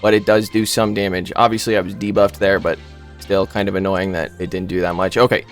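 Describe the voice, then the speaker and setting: A man's voice: low-pitched, level tone, fairly quick, soft background music. A man giving casual gameplay commentary as a YouTuber, rambling and joking with lots of filler words. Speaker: gaming YouTuber.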